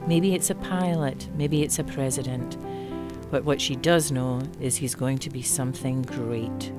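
A woman narrates in a mock-earnest storytelling voice, pitched very low for a woman. Loud music plays under her throughout. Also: measured pace. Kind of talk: scripted narration.

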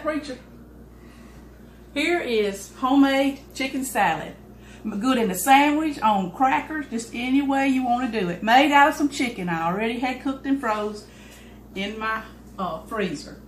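A woman's voice: on the high side, expressive, moderate pace, a little hiss or hum. An older woman, hosting a home cooking video, chatting folksily with her cameraman as she cooks. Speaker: home cooking channel host. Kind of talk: casual home cooking demonstration. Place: home kitchen. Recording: echoey kitchen with clattering dishes.

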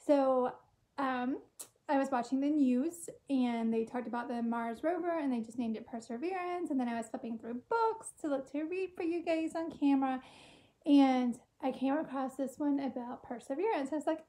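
A woman teacher, reading a storybook aloud to children in a gentle, chatty way and asking them questions. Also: sits high, normal speed.

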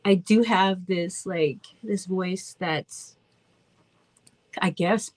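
A woman's voice: lowish voice, drawn-out words, no room sound, poor audio. A woman in her thirties with a slightly childlike voice, chatting freely with fans at a virtual meet and greet, rambling and apologizing for talking so much. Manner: chatty, warm-hearted, rambling with self-interruptions. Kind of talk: casual chat with fans. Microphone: phone.

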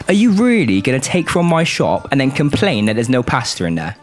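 A young man commentating on a shop game, excitable and exasperated, his voice swinging between high outbursts and low grumbles. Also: a little fast, few pauses, faint music behind. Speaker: gaming YouTuber.

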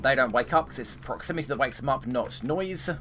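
A man's voice: medium pitch, lively intonation, fairly quick. A man hosting a gaming channel, talking casually to himself as he plays and bursting into frustrated outbursts. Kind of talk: casual let's-play commentary. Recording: game noise behind the voice. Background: game sounds and ambience.

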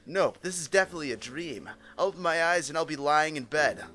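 A man's voice: on the high side, a little fast, sharp tone. A young man hosting a casual let's play, reacting with jokes and swearing while he reads a game aloud. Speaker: gaming channel host. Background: guitar music.

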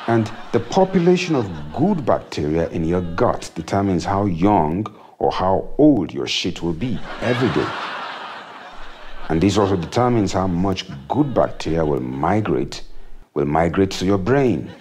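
A man's voice: low voice, big pitch swings, a little slow, noisy background. A man doing a comic monologue in a wry, self-mocking way, often chuckling. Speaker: comedian.

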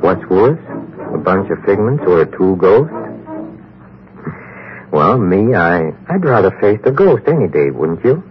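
A wry, musing man in an old radio play, speaking very low and slow, but with a lively lilt. The broadcast sounds dull and lo-fi, with music running underneath. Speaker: actor in radio drama. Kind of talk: 1940s radio acting.

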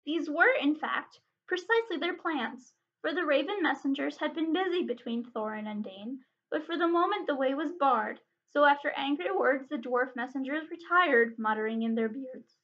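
A woman librarian reading a chapter book aloud in an expressive, dramatic way. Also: high voice, normal speed, few pauses. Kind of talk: storybook read-aloud. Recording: dull lo-fi recording.

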